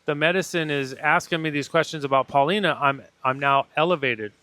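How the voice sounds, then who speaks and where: A man's voice: fairly high pitch, a little fast, sharp tone, dry recording. A man, a podcast guest, telling an earnest and emotional personal story and acting out the dialogue in it. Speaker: podcast guest, breathwork facilitator.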